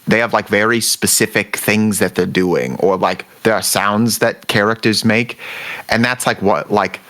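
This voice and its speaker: Low-voiced rambling male podcaster. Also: unhurried. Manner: rambling, searches for words, animated when excited. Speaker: podcast co-host. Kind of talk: casual podcast chat.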